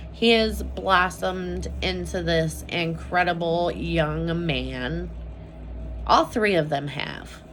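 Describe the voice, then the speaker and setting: Slow, low-pitched candid mom vlogger. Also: female voice, fairly bright tone, slight background noise. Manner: candid and emotional, peppered with "like" and swearing. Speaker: mother vlogging about her family. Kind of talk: casual personal vlog chat. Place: at home.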